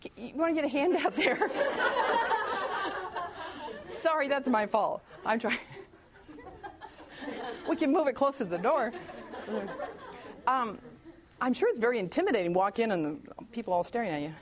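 A woman's voice: fairly high pitch, expressive, a crowd in the background, background noise. A woman speaking at a church meeting, telling a personal testimony as a chatty story, acting out her own prayers and thoughts and breaking off to welcome people coming in. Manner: chatty storyteller who pauses to greet latecomers.

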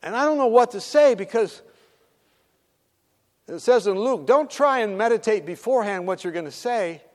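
A man preaches through a story, acting out each voice and sinking into whispers at the quiet moments. His voice sits high for a man. The sound carries a long reverb from a large hall. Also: moderate pace. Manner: animated, acts out voices, drops to whispers. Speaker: speaker telling a story from his hospital work. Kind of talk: sermon storytelling.

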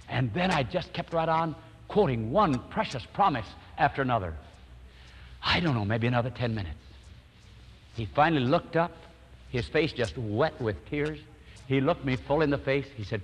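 An older male pastor telling a personal story as a fervent, lively sermon. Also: on the high side, moderate pace, in a large hall.

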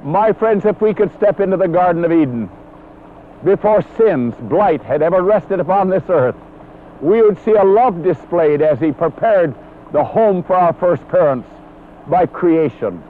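A man's voice: high voice, lively intonation, a little slow. A man preaching a sermon, earnest and emphatic, citing scripture verses as he goes. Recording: tinny phone-like old recording with faint hiss.

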